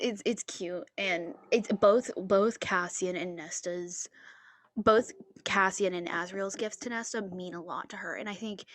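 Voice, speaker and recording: A woman of middle pitch offers reflective comments on a book in a casual podcast chat. Her voice sounds close and dry, with no room echo. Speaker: podcast co-host.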